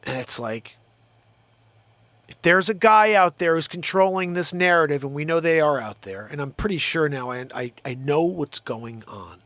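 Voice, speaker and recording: A man's voice: fairly high pitch, lively intonation, normal speed, fairly bright tone, dry recording. Heated, profane man ranting. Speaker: show host. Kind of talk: live-stream rant.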